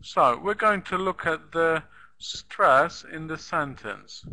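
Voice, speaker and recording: Man, English teacher for beginners; slow, careful delivery, bright forceful tone, chants rhythm syllables. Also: fairly high pitch, poor audio. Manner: slow, deliberate, repeats sentences for learners; claps out rhythm with "da da da". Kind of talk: live online language lesson.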